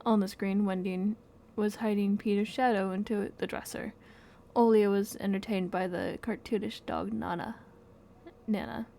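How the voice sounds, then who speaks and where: A woman reading a game's story text aloud in an expressive, soft-spoken way. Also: medium pitch, moderate pace. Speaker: game playthrough narrator.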